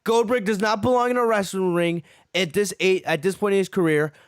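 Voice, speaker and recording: A man's voice: high voice, fairly even intonation, brisk, clean tone, no room sound, studio quality. A man hosting a podcast, giving a heated, profane wrestling review that repeats its points. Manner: ranting, repeats himself, profane. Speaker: podcast host.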